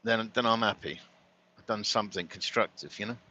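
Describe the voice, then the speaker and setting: Rambly london guy chatting while he drives, lowish voice, kinda dull lo-fi audio. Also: brisk, sharp tone. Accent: London English. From London, England. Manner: rambling, chatty, laughs often. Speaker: vlogger. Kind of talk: casual chat while driving.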